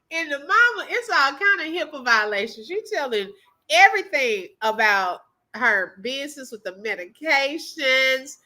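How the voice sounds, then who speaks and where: A woman's voice: high voice, expressive, moderate pace, pushed and bright, poor audio. A woman hosting a reaction channel, reacting to clips in casual commentary, laughing often and exclaiming in drawling slang asides.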